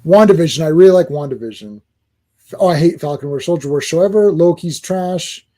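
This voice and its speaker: A man co-hosting a casual podcast chat, blunt and opinionated, getting excitable. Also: fairly high pitch, a little fast, a crowd in the background. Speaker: podcast co-host.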